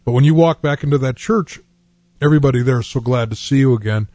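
An older man hosting a program, reflecting gently on a sermon in a halting, unhurried way. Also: medium pitch, no echo. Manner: gentle, halting, many fillers. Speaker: program host. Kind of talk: reflective radio talk.

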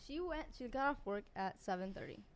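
Young woman chatting quickly with friends. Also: on the high side, expressive. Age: young adult. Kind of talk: casual chat, storytelling.

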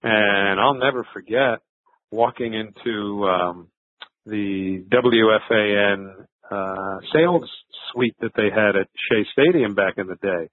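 An older man, a veteran sports broadcaster, slowly tells stories in a conversational interview, his fairly low voice full of fillers and restarts as he reflects. The line sounds thin, almost like a phone.

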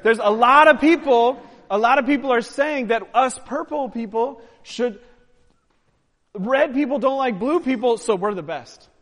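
Playful high-voiced preacher in echoey hall. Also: male voice, a little slow, fairly bright tone. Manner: playful, joking with the congregation. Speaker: pastor. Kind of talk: sermon with audience participation. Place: church sanctuary.

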